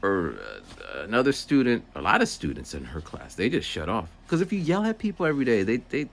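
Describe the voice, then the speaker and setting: Brief: low male voice, huge pitch swings, rambling outdoor walk-and-talk storyteller. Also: huge pitch swings, fairly quick, gravelly. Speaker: teacher's aide. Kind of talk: casual walking vlog monologue. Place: outdoors, walking.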